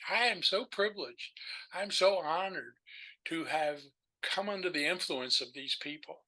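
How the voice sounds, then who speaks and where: Bright, animated older male storyteller. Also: high voice, poor audio. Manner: animated, rambling storyteller with restarts. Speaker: podcast guest. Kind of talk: storytelling in a casual chat.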